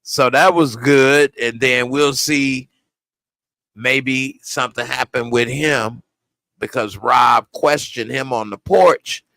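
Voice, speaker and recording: A man reviewing a TV episode in casual, slangy reaction commentary, animated and laughing often. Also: medium pitch, slow, creaky, no room sound.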